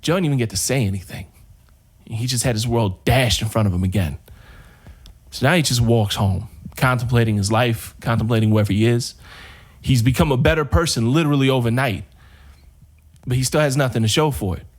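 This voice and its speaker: A man on a podcast, casually telling a long shaggy-dog joke and drawing out the build-up. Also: mid-range voice. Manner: casual storyteller, drawn-out build-up. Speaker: podcast co-host.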